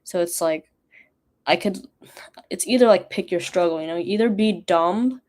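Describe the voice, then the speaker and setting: A woman's voice: on the low side, normal speed, darkish tone. A young woman, a college student, rambling casually on her study stream with self-mocking asides. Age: young adult.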